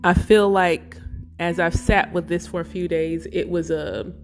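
A woman speaking slowly and emotionally about her spiritual life, close to tears at times. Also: lowish voice, steady tone, faint music behind. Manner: slow, emotional, searching, near tears. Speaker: spiritual vlogger. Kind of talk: reflective personal talk.

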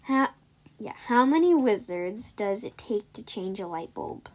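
A woman's voice: medium pitch, expressive, measured pace. A young woman co-hosting a casual podcast, reading out riddles and stumbling over the wording now and then. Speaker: podcast co-host.

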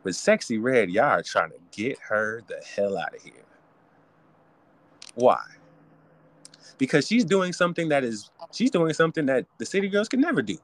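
Male podcast host, solo rant, theatrical, mid-pitched, very expressive intonation. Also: moderate pace, long pauses. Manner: animated, theatrical, ranting.

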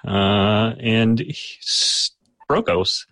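A man running a tabletop game podcast as game master, talking casually and haltingly with many fillers and self-deprecating asides. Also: on the low side, fairly bright tone, dry recording.

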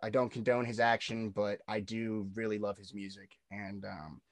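A man's voice: lowish voice, fairly even intonation, normal speed, no echo. Young man, loose and profane, dry sound. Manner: loose and profane, with many fillers and restarts. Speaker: musician guest. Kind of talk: casual interview chat.

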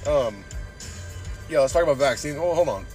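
A man's voice: a little high, animated, racing, darkish tone, faint music behind. A man from San Diego hosting a podcast from his car, ranting casually and profanely, saying "dude" constantly. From San Diego, Southern California. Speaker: podcast host. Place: in a car while driving.

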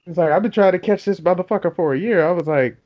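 A young man in his twenties telling a profane, animated story in casual chat, laughing as he goes. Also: sits high, fast. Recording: dull lo-fi sound.

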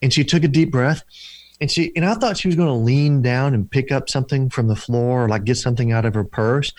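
A man's voice: medium pitch, a little fast, a little mellow, dry recording. A man, a deliverance minister and counselor, telling stories in an interview in an earnest, repetitive preaching cadence. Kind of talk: interview storytelling.

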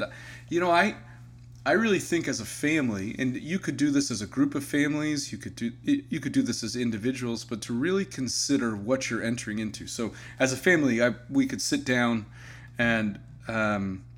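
A man co-hosting a podcast, speaking earnestly and reflectively in casual conversation with his co-host. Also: medium pitch. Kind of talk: casual chat.

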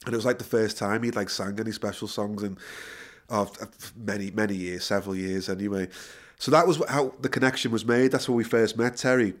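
Animated man telling a story, laughing. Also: fairly low pitch. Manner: animated storyteller, quick self-corrections, frequent laughter. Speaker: musician guest. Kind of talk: casual storytelling interview.

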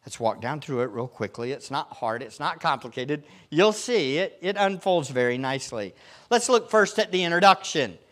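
A man preaching in church with a high, lively voice that climbs and falls widely. He presses his points hard and keeps throwing questions out to the congregation. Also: moderate pace. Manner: emphatic, asks the congregation rhetorical questions. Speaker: pastor. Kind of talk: sermon.

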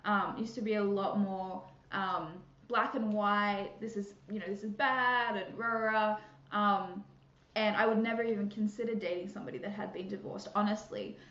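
A woman's voice: mid-range voice, fairly even intonation, moderate pace, a bit bright. A woman hosting a casual Christian podcast, bubbly and chatty, laughing often and filling gaps with fillers and restarts. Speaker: podcast host. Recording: echoey room, muffled sound.

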